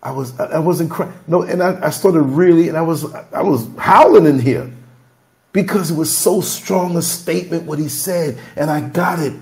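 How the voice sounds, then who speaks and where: A man hosting a candid podcast, his voice sitting a little higher than most men's. He tells stories emphatically and emotionally, one thought tumbling into the next. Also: moderate pace, gravelly, darkish tone. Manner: emphatic, emotional, freewheeling storytelling. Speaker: podcast host.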